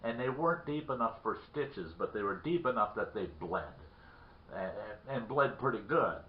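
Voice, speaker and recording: A man's voice: on the low side, lively intonation, normal speed, slight background noise. A man telling a folksy story from his boyhood in a rambling, repeating way. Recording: roomy lo-fi recording.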